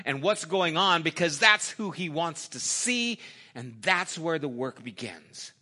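This middle-aged man's voice sits on the high side as he preaches conversationally. The pastor moves between loud, emphatic moments and quiet, intimate asides.

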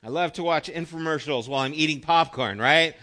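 A middle-aged man delivers a sermon as pastor, his voice bright and a touch higher than most men's. He talks earnestly and conversationally, posing questions to his listeners and letting many phrases fall soft and low. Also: a little fast.

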